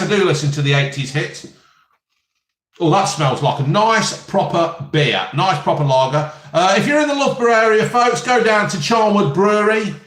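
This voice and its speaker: A chatty man in his fifties hosts a casual live stream, reading out comments and cracking jokes. His voice sits a little high, and the room around him rings with echo. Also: fairly bright tone. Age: 50s. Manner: chatty, jokey, reads viewer comments aloud.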